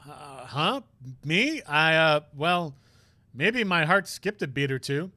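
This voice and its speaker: A man's voice: a little high, animated, takes it slowly, sharp tone, dry recording, full character voice. A man voicing an earnest young male defense lawyer in a visual novel read-aloud, in a plain, dryly wry way.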